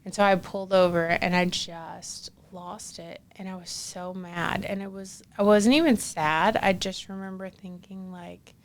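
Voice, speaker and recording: Woman in her forties, podcast guest, gravelly voice, animated chatty storytelling. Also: medium pitch, a little slow, hardly any pauses. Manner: animated storyteller, frequent fillers. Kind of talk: casual conversational storytelling.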